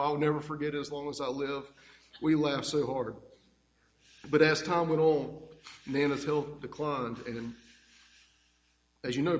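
A man telling fond, rambling family stories in a eulogy, speaking in a church. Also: a little high. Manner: warm, rambling, fond anecdotes. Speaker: grandson giving a eulogy. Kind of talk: heartfelt eulogy storytelling. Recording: echoey church hall with long reverb.

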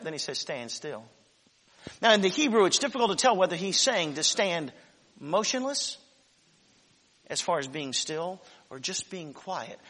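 Male pastor, high-pitched, intense preacher's delivery. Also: breathy edge, big-room sound. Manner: dramatic preaching that swings from shouting to whispers. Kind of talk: sermon.

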